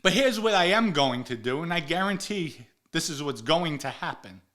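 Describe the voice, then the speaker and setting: A man's voice: fairly high pitch, lively intonation, moderate pace, a bit bright. A man playing a blunt, stern trooper. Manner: blunt, laying down an ultimatum. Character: tough state trooper laying down terms.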